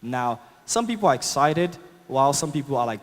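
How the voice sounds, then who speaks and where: Mid-range in pitch, slightly fast, and hardly pausing, a man with a non-native English accent gives a live tech talk with a demo. The large conference hall adds long reverb, and his upbeat, chatty delivery includes many fillers and laughter at his own jokes.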